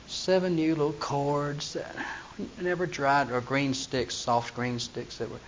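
A man voicing a boastful, dim strongman in a low, slow, offhand drawl, in a dull lo-fi recording. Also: a little hiss or hum, close to an everyday voice.

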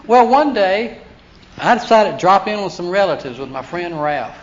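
A man preaching a storytelling sermon, animated, acting out the voices of people he quotes. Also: high voice, a little fast. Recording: dull lo-fi sound with faint hiss.

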